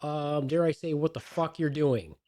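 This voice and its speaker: A man's voice: fairly high pitch, dark tone. A man hosting a comedy podcast, bantering and introducing himself with mock-grandiose titles. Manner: mock-grandiose, joking, theatrical pauses. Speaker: podcast host.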